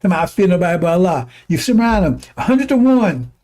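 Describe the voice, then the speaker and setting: A man's voice: sits high, very animated, quick pace, darkish tone. A man preaching a fiery religious broadcast sermon, scornful and mocking, often laughing and repeating his phrases.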